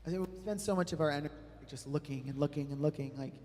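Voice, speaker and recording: A man with a high voice delivers a sermon in a large church hall. His delivery swells from hushed and soft up to loud, shouted peaks, and long reverb trails after every line. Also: fast. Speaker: preacher.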